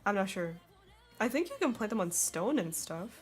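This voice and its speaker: A young woman streams while drawing and reading chat, talking casually with viewers in a giggly, laughing way at a desk microphone. Her voice is medium-pitched and sing-song with a breathy edge, at a moderate pace.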